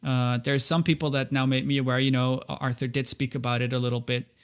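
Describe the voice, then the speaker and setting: A man's voice: mid-range voice, flat delivery, brisk, clear, resonant tone. A man talking as a guest on a podcast. He speaks earnestly in a casual conversational way and often stumbles and repeats words as he restarts.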